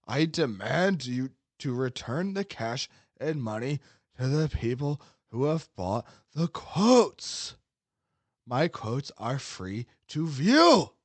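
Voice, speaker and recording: A man voicing a pompous, sweaty young man who reads out a slow, self-important legal threat. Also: medium pitch, a bit bright, dry recording.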